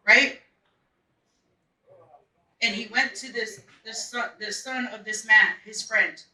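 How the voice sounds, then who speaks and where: A man's voice: extremely high pitch, steady tone, unhurried, pauses often, bright, forceful tone. A man telling an earnest personal story at a live event, repeating phrases for emphasis. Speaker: festival speaker. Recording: echoey, mic at a distance.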